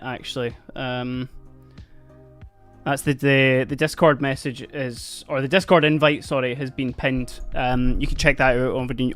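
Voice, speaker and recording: A man's voice: mid-range voice, fairly bright tone, clean tone. A Scottish man hosting a casual livestream, chatty and upbeat, thanking viewers as he reads the chat. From Scotland. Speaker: livestream host.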